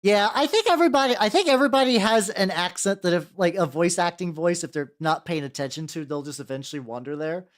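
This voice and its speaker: A man's voice: sits high, fast, hardly any pauses, fairly bright tone. A young man streaming as a VTuber, chatting casually and rambling while he paints miniatures, with frequent restarts and self-deprecating jokes.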